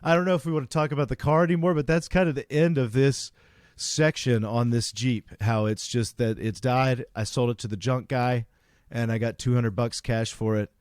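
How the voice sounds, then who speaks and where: A man's voice: mid-range voice, fairly even intonation, normal speed, darkish tone, smooth, no room sound. Guy cohosting a podcast, rambles through a long story quoting everyone, mid voice, dry sound. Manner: rambling storyteller, acting out both sides of dialogue. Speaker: podcast co-host. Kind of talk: casual storytelling chat.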